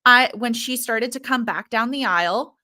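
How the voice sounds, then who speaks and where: A woman's voice: fairly high pitch, moderate pace, pushed and bright. A woman co-hosting a casual chat podcast, telling a story with firm, indignant politeness. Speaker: podcast co-host.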